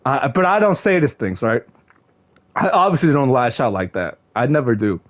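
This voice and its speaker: A young man streaming casually to his viewers, excitable, often shouting in mock frustration and peppering his talk with slang. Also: medium pitch, moderate pace. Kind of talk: casual livestream chat to viewers.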